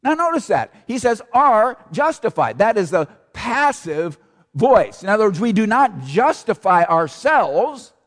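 A man's voice: sits high, big pitch swings, measured pace. A man preaching a sermon as pastor, emphatic, asking rhetorical questions and repeating key phrases. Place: church sanctuary. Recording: long church reverb.

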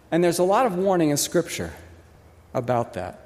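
A male pastor delivers an expressive sermon in a high, lively voice that rises and falls sharply. He stresses key words with pauses and mimics the people he quotes. The sound carries a long reverb from a large hall.

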